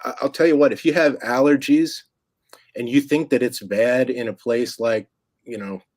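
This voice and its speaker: A man's voice: mid-range voice, steady tone, normal speed, a little mellow, dry recording. A middle-aged man, a filmmaker guest, talking casually in a rambling way with many restarts. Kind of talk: casual interview chat.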